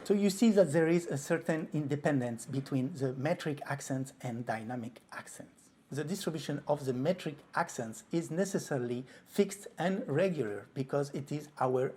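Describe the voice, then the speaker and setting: Male flamenco teacher, husky voice, patient tutorial delivery. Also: fairly high pitch, normal speed, hardly any pauses. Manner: explains calmly, breaks off to vocalize rhythm syllables. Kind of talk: tutorial explanation.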